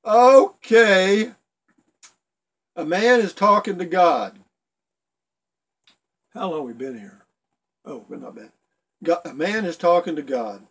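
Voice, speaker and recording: A man's voice: high-pitched, animated, takes it slowly, pauses often, fairly bright tone, husky. A middle-aged man casually reading jokes aloud for his video blog, rambling a bit and chuckling at his own punchlines. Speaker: video blogger telling jokes.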